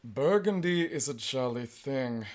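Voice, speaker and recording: A man reading an audiobook as its narrator, in a steady, plain manner. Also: mid-range voice, a little slow. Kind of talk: scripted narration.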